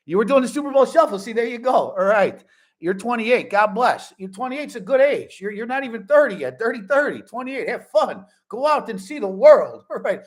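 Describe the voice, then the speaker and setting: A man in his forties hosting a fan live stream, chatting casually with viewers and joking a lot. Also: high-pitched. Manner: animated, joking, repeats catchphrases.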